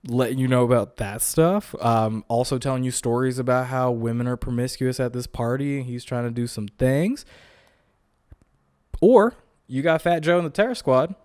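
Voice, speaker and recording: A man's voice: medium pitch, moderate pace, darkish tone. A young male podcast host talks in a loose, joking way, full of casual fillers. He still sounds tired and a little winded, and his mid-range voice comes across dry and close, with no room echo. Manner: chatty and joking, with lots of "like" fillers. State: tired and a bit winded after illness. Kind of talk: casual solo podcast monologue. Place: home recording setup.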